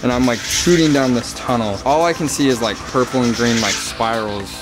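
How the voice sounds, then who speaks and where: A man's voice: medium pitch, normal speed, music in the background. Rambling young man telling a story. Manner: rambling, filler-heavy, candid. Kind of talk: personal storytelling.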